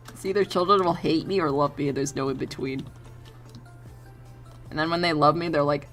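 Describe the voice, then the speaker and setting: A woman's voice: low-pitched, moderate pace, pauses often, fairly bright tone, soft background music. A young woman streaming from home, chatting casually while she draws, swearing and laughing as she tells stories and plays the people in them. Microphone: desk mic.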